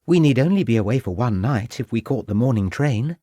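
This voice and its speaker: An eager young wife, pleading and bubbling with excitement, as a male reader puts her on. Her lifted voice swings widely, recorded close and dry for an audiobook. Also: medium pitch, moderate pace, dry recording, natural voice. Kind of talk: audiobook character voice.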